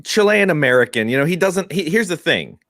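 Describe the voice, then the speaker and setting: A man's voice: on the high side, very animated, brisk, fairly bright tone, no room sound, studio quality. A man co-hosting a casual podcast, joking in a wry way. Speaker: podcast co-host. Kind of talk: casual chat.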